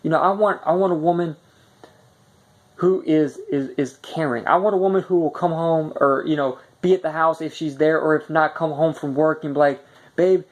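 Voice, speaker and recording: A man with a fairly high voice talks straight to the camera in a loose, unscripted monologue. He is blunt and direct, and he often stops and repeats words as he hunts for the next phrase. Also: fairly even intonation, normal speed. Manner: rambling, repeats words as he searches for them. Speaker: vlogger giving relationship advice.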